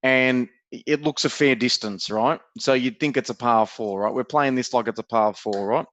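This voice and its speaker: A man's voice: medium pitch, normal speed, a bit bright, no echo. An Australian man co-hosting a podcast, telling a teasing story in casual banter and swearing freely. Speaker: podcast co-host. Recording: dry, dull lo-fi sound.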